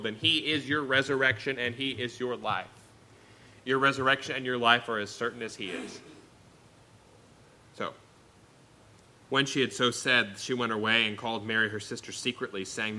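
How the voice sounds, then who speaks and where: Bright-voiced man preaching a sermon. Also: medium pitch. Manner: earnest preaching, reading scripture aloud and explaining it. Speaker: pastor.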